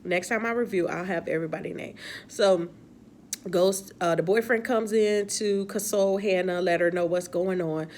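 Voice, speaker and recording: A woman's voice: lowish voice, fairly even intonation, normal speed, darkish tone. Woman reviewer, chatty, exasperated, laughing asides, faint hiss behind. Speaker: TV episode reviewer. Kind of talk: casual recap and commentary.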